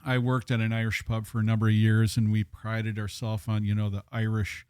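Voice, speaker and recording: A man talks casually on a podcast, rambling through stories with fillers. His voice sits a little low. The sound is dry and close to the mic. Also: completely flat delivery, a little fast, darkish tone, smooth, dry recording. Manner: storytelling, chatty with fillers. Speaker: guest bartender.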